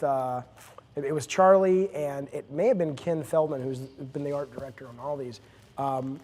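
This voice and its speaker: An enthusiastic man with a slightly high voice, speaking as a game director on a live panel. He tells stories eagerly and often restarts his sentences. The sound carries a long hall reverb. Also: a little mellow. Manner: enthusiastic storyteller with many restarts. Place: stage at a live event.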